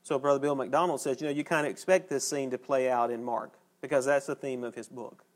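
A man preaching a sermon in a folksy, conversational way, pausing for emphasis. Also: mid-range voice, steady tone.

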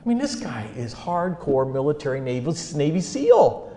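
Brief: male preacher with a gravel-edged voice who tells scripture stories with dramatic volume swings. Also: big pitch swings, moderate pace. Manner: storytelling, swings from low asides to loud emphatic peaks. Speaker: speaker teaching on faith and mental health. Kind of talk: animated Bible-story sermon.

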